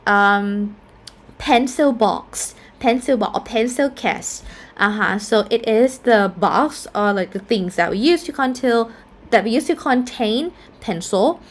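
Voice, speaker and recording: Slow, careful woman teaching pronunciation. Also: fairly high pitch. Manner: slow and careful, repeats each example word. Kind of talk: explaining a phonetics lesson.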